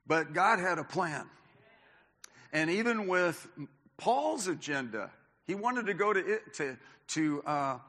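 A male pastor preaching a sermon in a church, telling personal stories, acting out what people said, with many restarts. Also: fairly high pitch. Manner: animated storyteller, acts out quotes, many restarts. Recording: long reverb of a church hall.

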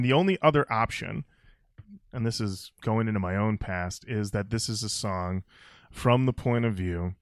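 A man hosting a podcast, telling stories in a jokey, animated way. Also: lowish voice, no echo, studio quality. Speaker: podcast host. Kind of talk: casual podcast chat and storytelling.

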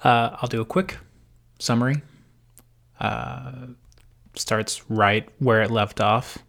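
A man's voice: medium pitch, fairly even intonation, slow, gravelly, a bit bright. A man from Ohio co-hosting a podcast, recapping a show in casual, profane, joking chat. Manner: profane, jokey, acts out characters' lines. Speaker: podcast co-host.

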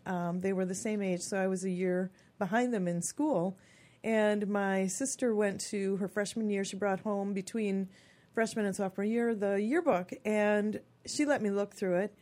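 A woman in her fifties, a radio show guest, telling her own story in a chatty, expressive way and acting out quoted lines. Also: mid-range voice. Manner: chatty and expressive, acts out quotes in lively voices.

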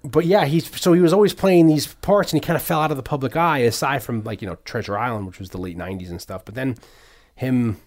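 A man's voice: mid-range voice, fast talker, darkish tone. A middle-aged man hosting a podcast, chatting casually about movies, rambling with many restarts and fillers. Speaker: podcast host.

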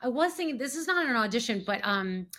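A woman chats casually on a podcast, hopping from story to story. She leans on fillers and slips into quick impressions of other people as she talks. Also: a little high, very animated, fairly bright tone. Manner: chatty storyteller, many fillers and acted quotes. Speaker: guest, actor and casting director.

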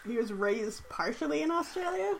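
A woman co-hosting a casual chat, speaking in a relaxed, wry way and laughing as she talks. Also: high voice, normal speed, gravelly, slight background noise. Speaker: podcast co-host.

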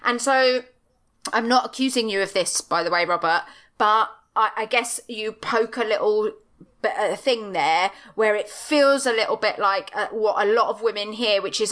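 Bright, emphatic woman ranting. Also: mid-range voice, moderate pace. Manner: emphatic, blunt, swears freely. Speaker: podcast co-host. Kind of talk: passionate casual rant. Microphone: video call.

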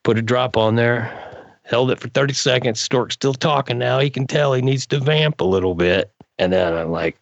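A man guest on a podcast, casually telling animated stories with laid-back slang. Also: mid-range voice, normal speed, creaky, dry recording, lo-fi sound. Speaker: podcast guest, frisbee freestyler. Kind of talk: casual storytelling.

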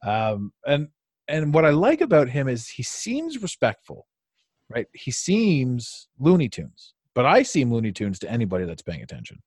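A man's voice: medium pitch, huge pitch swings, moderate pace, darkish tone, breathy edge, no echo, clean studio sound. A male podcast host in casual conversation who rambles, swears freely and laughs often, with frequent restarts.

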